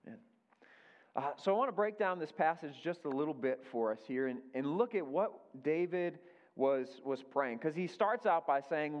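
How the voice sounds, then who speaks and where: Man preaching a casual sermon. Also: medium pitch. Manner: conversational, repeats key phrases for emphasis. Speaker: pastor. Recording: dull lo-fi sound with long hall reverb.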